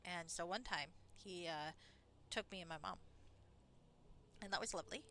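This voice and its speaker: A woman's voice: fairly low pitch, moderate pace, bright, forceful tone, a little hiss or hum. A woman streaming a game live, chatting casually in a rambling way and swearing now and then. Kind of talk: casual live gameplay commentary.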